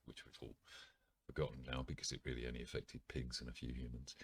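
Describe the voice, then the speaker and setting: Very deep husky British man reading aloud. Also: flat delivery, brisk. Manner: reads aloud with frequent ums and wry ironic asides. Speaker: podcast host reading articles aloud. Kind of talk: casual reading with asides.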